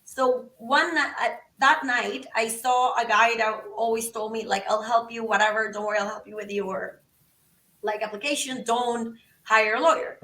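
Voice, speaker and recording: A woman's voice: a little high, fairly even intonation, moderate pace, bright, forceful tone. A woman from Venezuela, a podcast guest telling a story animatedly and acting out both sides of conversations. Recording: roomy, from a distance.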